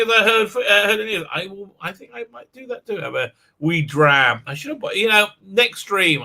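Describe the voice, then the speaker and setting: Streaming from a home office, an Israeli-accented man chats in a relaxed, rambling way, swearing freely and using many fillers. His high voice sounds very bright, and he laughs often between comments.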